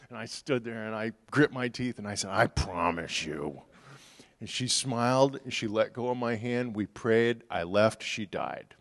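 A man who is a pastor, preaching a sermon and moving from quiet, hushed stories to loud, emphatic passages. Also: medium pitch, moderate pace, few pauses, in a large hall.

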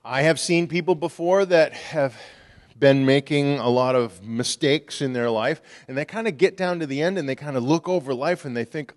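A man who is a pastor, preaching a sermon and moving from quiet, hushed stories to loud, emphatic passages. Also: a little high, animated, normal speed, big-room sound.

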